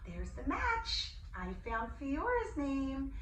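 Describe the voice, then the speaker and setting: A woman teaching young children in an online class, speaking in a sing-song, slow and gently enthusiastic way with gasps of delight. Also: high voice, huge pitch swings, far from the mic. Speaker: preschool teacher. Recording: echoey room, voice a bit off-mic, faint hiss.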